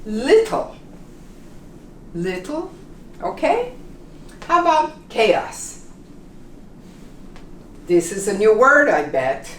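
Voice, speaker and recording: A woman teaching English pronunciation, repeating words slowly and carefully for learners. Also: fairly high pitch, wildly swooping pitch, a bit bright, recorded from a distance, slight background noise. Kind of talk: pronunciation lesson. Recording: roomy echo, voice a bit off-mic, faint ambience.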